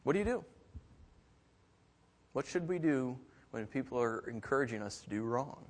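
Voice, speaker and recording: Animated man preaching a sermon. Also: normal speed. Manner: animated storyteller, mimics kids in a high voice. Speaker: pastor. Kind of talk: sermon with personal stories.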